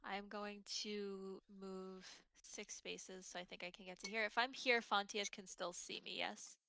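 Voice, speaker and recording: A woman's voice: mid-range voice, level tone, unhurried, vocal fry, bright, forceful tone, no room sound. A woman playing a tabletop game, thinking aloud hesitantly with many fillers. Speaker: player.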